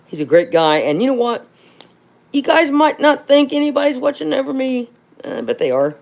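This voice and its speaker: A woman's voice: high-pitched, big pitch swings, moderate pace, darkish tone. Chatty woman on a livestream. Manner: chatty, rambling, calls viewers honey; fired-up, rhetorical questions. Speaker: livestream host. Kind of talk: casual livestream talk.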